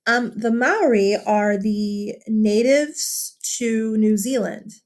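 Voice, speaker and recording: A woman teacher talks through a vocabulary worksheet with her students. Her delivery is loose and conversational, with plenty of fillers and quick check-ins. She sounds like she is recording a lesson for her class. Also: fairly high pitch. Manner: casual, chatty, with many fillers and tag questions.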